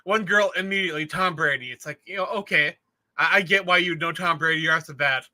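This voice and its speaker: A man's voice: on the high side, steady tone, fast talker, pushed and bright. A man co-hosting a sports podcast, telling stories in casual chat and laughing easily. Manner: chatty storyteller, laughs easily. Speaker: podcast co-host.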